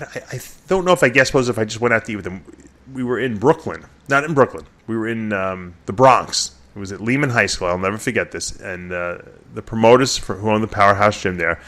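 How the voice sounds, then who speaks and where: A middle-aged man hosting a radio show, telling a story. He rambles and restarts often, but keeps things lively and casual. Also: on the low side. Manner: rambling, animated, many restarts.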